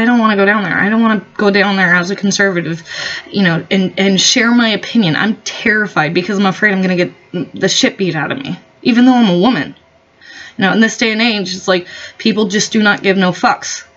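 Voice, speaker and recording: A woman's voice: mid-range voice, highs cut off. A woman vlogger in a heated, profane, rambling opinion rant.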